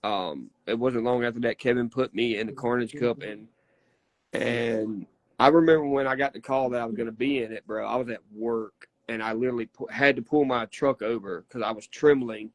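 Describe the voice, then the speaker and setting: A man's voice: medium pitch, fairly even intonation, brisk, no echo. A man, a wrestler telling stories in a casual interview, folksy, emphatic and profane. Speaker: wrestler guest.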